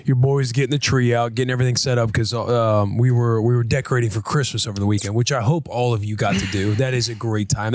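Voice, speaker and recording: A man in his thirties hosting a casual podcast, telling stories with lively voiced quotes. His voice sits at a middle pitch. The studio sound is dry and close. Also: no room sound. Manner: animated storytelling with voiced quotes. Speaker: podcast host. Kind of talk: casual chat.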